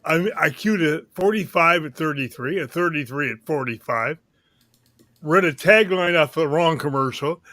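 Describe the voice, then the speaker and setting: A man's voice: fairly high pitch, moderate pace, sharp tone, dry recording. A man who used to work in radio, telling a self-deprecating story in casual chat. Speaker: guest, former radio DJ.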